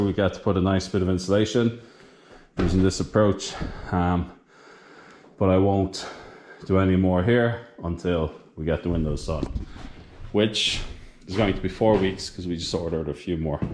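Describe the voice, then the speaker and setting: Out of breath and weary, a man talks to his camera while renovating a farmhouse, some of it from up on the roof of the building site. His deep, darkish voice carries a slight hiss or hum, and his plain-spoken remarks wander as he keeps correcting himself.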